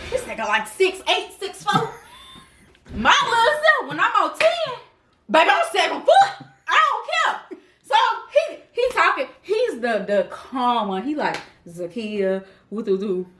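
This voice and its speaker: A woman in her twenties telling a casual storytime, animated and talking straight to viewers. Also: very high-pitched, measured pace, pauses often, a little hiss or hum. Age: 20s. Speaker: vlogger.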